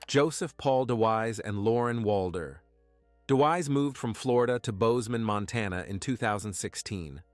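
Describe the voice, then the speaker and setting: A man giving scripted true-crime narration in a measured, even way. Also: lowish voice, dry recording, soft background music.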